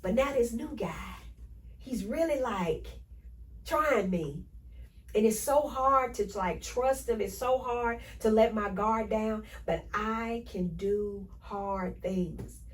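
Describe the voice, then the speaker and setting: An energetic woman hosts a motivational podcast, speaking in a fairly high voice. She preaches and repeats short affirmations. Her voice sits a little away from the mic. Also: takes it slowly, distant mic, rough recording. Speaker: podcast host.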